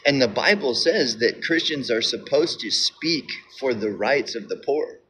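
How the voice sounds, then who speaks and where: A man's voice: mid-range voice, lively intonation, sharp tone, a little hiss or hum. A man talking to camera in a casual monologue, insistent and repetitive, often restarting his sentences. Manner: repetitive, halting with restarts and fillers; insistent, emphatic. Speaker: video commentator.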